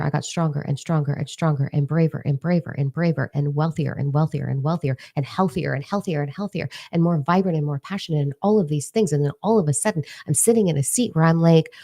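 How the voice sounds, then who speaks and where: Her voice sits low and mellow as this middle-aged motivational speaker gives a candid monologue. She's blunt and profane, hammering home her points by repeating words.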